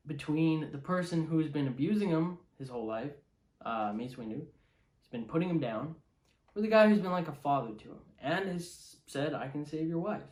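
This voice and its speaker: Excitable man reviewing a film casually, slightly high voice, echoey room. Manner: excitable, emotional, lots of fillers.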